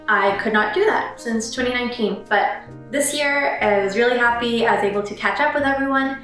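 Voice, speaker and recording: Chatty vlogger woman, higher voice, roomy sound. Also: a bit bright. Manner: chatty and upbeat, with light laughs. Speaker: vlog host, children's book illustrator. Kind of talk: casual vlog narration. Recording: roomy echo with light music behind.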